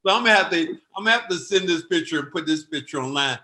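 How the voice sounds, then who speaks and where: Bright, animated older man telling stories. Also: on the high side, quick pace, slight background noise. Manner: animated storyteller, acts out quotes loudly. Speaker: podcast host. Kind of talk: casual chat.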